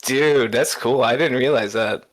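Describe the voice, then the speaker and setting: A man chatting on a podcast, retelling things with eager, rambling energy. He stumbles, repeats words and breaks into laughter, at an everyday pitch. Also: a little slow. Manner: excitable rambling storyteller, stammers and laughs. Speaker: podcast co-host. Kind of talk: casual podcast chat.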